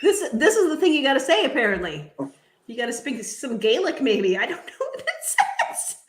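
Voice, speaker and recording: A woman's voice: sits high, sing-song, normal speed. A woman in a casual group chat who teases the others and giggles often. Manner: teasing, giggly. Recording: echoey room with background noise.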